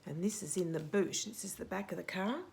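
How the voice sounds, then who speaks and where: A woman's voice: medium pitch, fairly quick, creaky, darkish tone, a little hiss or hum. A middle-aged woman hosting story time, reading a picture book aloud to children with dramatic whispers and playful sound effects.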